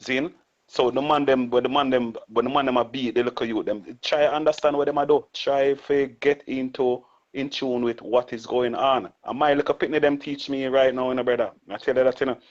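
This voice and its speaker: A man's voice: mid-range voice, steady tone, fairly quick. Middle-aged Jamaican man, muffled audio. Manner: reflective, repeats tag questions. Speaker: guest artist. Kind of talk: casual interview talk.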